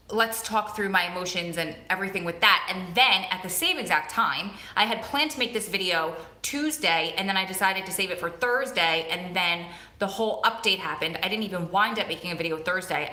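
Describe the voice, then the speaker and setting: A woman's voice: medium pitch, pushed and bright. A woman from Long Island with a strong New Jersey and Long Island accent, chatting casually on her live stream. She rambles and repeats words for emphasis. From Long Island, New York. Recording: echoey room.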